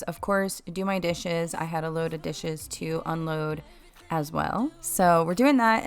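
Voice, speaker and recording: A woman chatting in a casual voice-over about her cleaning routine, rambling with asides and short of breath. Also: on the low side. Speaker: cleaning vlogger.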